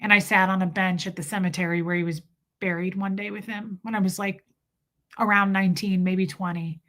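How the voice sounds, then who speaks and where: A woman in her thirties telling an emotional personal story about her family, speaking haltingly with restarts. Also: medium pitch, fairly even intonation, fairly bright tone. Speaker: vlogger.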